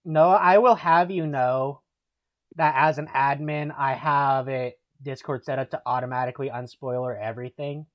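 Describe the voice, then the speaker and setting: A man's voice: medium pitch, fairly even intonation, normal speed, no echo, lo-fi sound. Man reading a story aloud with laughs. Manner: reads with laughs and swearing asides. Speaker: channel host reading fan fiction.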